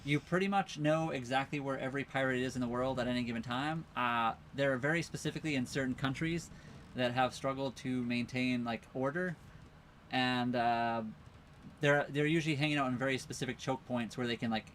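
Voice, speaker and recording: A man's voice: medium pitch, fairly quick, a bit bright, slight background noise. A man hosting a casual livestream from his sailboat at a marina, rambling easily and reading viewer comments aloud. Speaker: live stream host. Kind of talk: casual live stream chat.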